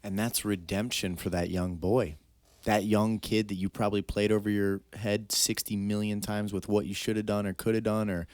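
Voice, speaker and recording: A man hosts a podcast interview, asking long, reflective questions and pressing his points with emphasis. His voice sits fairly low. The recording is close and dry. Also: brisk, dry recording. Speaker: podcast host. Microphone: podcast mic.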